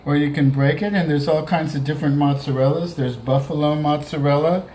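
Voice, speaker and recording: A man giving a relaxed, chatty cooking demonstration, talking through each step as he works. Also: on the high side, brisk, roomy sound, slight background noise, rough recording. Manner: relaxed, chatty, talks while working. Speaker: cooking instructor.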